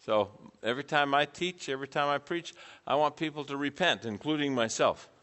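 Middle-aged guy running a church class, bright voice, keeps asking the room questions and echoing what they say. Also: fairly high pitch, a little fast. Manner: asks the group questions, repeats their answers. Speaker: preaching class teacher. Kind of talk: interactive class teaching.

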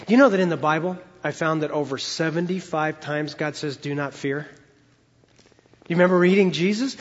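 A male pastor preaching a sermon, emphatic and preacherly, slowing down to stress key words. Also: on the high side, slightly rough, long reverb tail, dull audio.

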